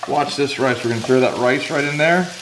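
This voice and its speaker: A fishing channel host is cooking for a guest in his home kitchen, talking straight to viewers in a casual, folksy, emphatic way. His voice is medium-pitched and brisk, with food sizzling in a pan, background noise, and an echoey room.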